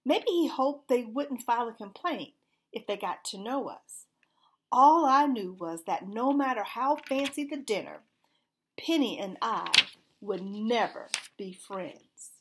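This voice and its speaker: Storybook reader, woman, lively pitch, slightly husky. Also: measured pace. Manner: expressive, animated reading. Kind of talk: storybook read-aloud.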